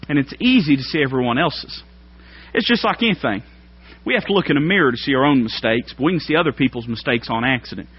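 A man preaching a sermon, folksy and plain-spoken, climbing to loud emphatic peaks. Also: mid-range voice, animated, fast talker, breathy edge. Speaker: pastor. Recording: dull lo-fi sermon recording.

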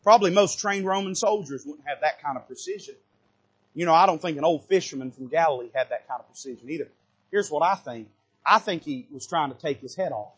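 A man preaching a sermon from a church pulpit, moving between quiet asides and loud, rising bursts of passion. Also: a little high, a little fast, husky. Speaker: pastor. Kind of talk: fiery sermon.

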